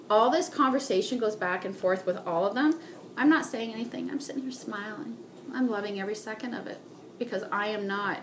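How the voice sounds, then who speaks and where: A woman giving a sales training talk as a beauty consultant, animated, acting out customers and ending lines with "okay?". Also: mid-range voice, moderate pace, background noise.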